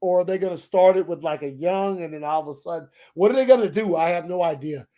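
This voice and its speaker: High-voiced man rambling casually. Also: fast, mellow. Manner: loose, profane, rambling with many restarts. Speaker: podcast host. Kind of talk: casual chat.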